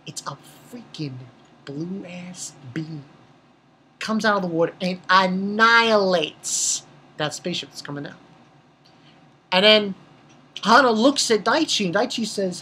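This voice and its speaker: A woman's voice: mid-range voice, expressive, measured pace, long pauses, bright, forceful tone, husky. A woman giving a casual, rambling recap of an anime episode, swearing freely and restarting her sentences often. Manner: rambling and profane, with many restarts.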